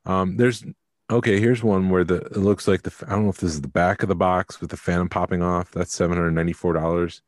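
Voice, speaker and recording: A man co-hosting a casual podcast, talking in a very low, deep voice. He is chatty and jokey and reads figures out loud. The sound is close and dry, with no room echo. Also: fairly even intonation, fast. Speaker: podcast co-host. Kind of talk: casual chat.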